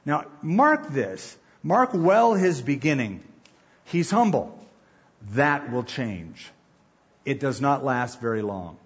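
A man's voice: mid-range voice, big pitch swings, takes it slowly, husky, highs cut off. A male pastor giving an emphatic sermon, counting off points and acting out quotes. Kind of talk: sermon, Bible teaching.

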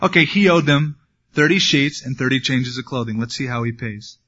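A man's voice: mid-range voice, lively intonation, normal speed, pushed and bright, dull audio. A man preaching a sermon, reading scripture and adding wry, conversational asides. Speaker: pastor.

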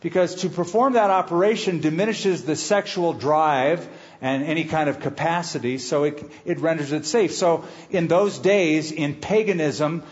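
Lo-fi recorded male pastor preaching. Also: a little high. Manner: expository preaching, reads scripture slowly and emphatically; conversational asides to the congregation. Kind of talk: sermon.

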